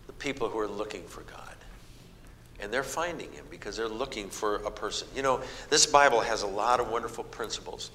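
A man's voice: fairly low pitch, fairly quick. A middle-aged man preaching a sermon, telling folksy stories and acting out the people in them. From American Midwest. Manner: folksy storytelling, animated voices for quoted people. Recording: reverberant hall with faint noise.

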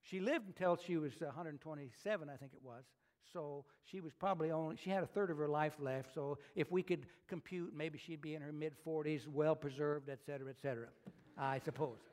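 Man, high-pitched, preacher, folksy sermon, animated storytelling. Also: brisk. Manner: folksy, animated retelling with asides. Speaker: pastor.

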